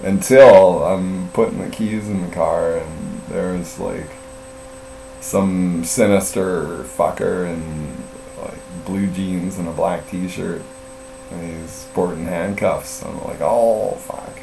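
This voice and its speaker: A middle-aged man with a low, gravelly voice rambles through a profane story in casual live-stream chat, slow and full of fillers. He sits back from the mic in a roomy space, with a faint mains hum underneath. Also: fairly even intonation, distant mic.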